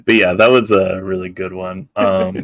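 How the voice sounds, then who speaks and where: Low-voiced man reading off his notes. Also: normal speed, no echo. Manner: relaxed, working through written notes, swears casually. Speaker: podcast co-host. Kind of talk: casual podcast chat.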